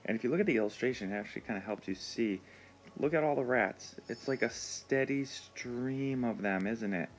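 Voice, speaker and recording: A man teaching a reading lesson, explaining words slowly and patiently with frequent pauses and ums. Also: medium pitch, soft background music.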